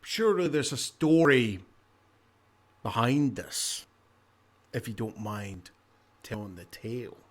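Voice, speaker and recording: A fussing tavern keeper welcomes weary travelers in a lifted, eager voice, as a man puts him on. He talks slowly and warmly in the manner of a fantasy tavern host in a tabletop game. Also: medium pitch, animated. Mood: welcoming.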